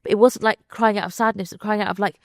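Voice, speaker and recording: A woman's voice: medium pitch, fairly even intonation, fast talker, no room sound, studio quality. A woman in her thirties, a podcast guest talking candidly and chattily, with lots of fillers, acting out what people said to her. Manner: chatty, lots of fillers, acts out quoted voices. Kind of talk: candid conversational chat.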